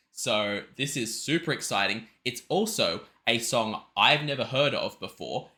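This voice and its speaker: Aussie guy rambling excitedly in a reaction vid, bright forceful voice. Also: lowish voice. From Australia. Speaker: music reaction video host. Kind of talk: casual reaction commentary.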